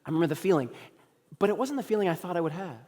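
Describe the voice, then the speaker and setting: A man's voice: high voice, expressive, rapid-fire, a little mellow. A young adult man, a young adults pastor, preaching a sermon as a story with humorous asides and acted-out dialogue. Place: church sanctuary. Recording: long hall reverb.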